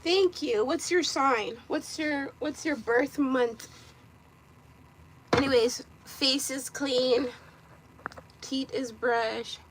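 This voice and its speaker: A young woman from Jamaica with a Jamaican accent, chatting casually and loudly while getting ready, teasing and cussing. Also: sits high, slight background noise. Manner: loud, brash and teasing, quick to cuss. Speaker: vlogger. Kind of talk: casual live chat.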